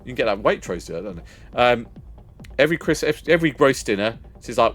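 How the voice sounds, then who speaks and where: A man's voice: mid-range voice, expressive, fast talker, fairly bright tone. An older man, chatting casually with viewers as a streamer, rambling and laughing often. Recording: faint music behind.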